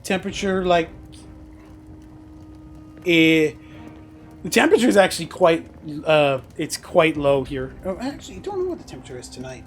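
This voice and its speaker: A man's voice: fairly high pitch, big pitch swings, moderate pace, long pauses, faint music behind. A man streaming a game, chatting casually, laughing often and swearing offhandedly. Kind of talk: casual chat while gaming.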